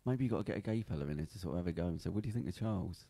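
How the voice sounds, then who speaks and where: A man's voice: low voice, lively intonation, rapid-fire, vocal fry, mellow, husky, no room sound, studio quality. A man co-hosting a podcast, rambling and trailing off as he searches for words. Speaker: podcast co-host. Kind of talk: casual chat.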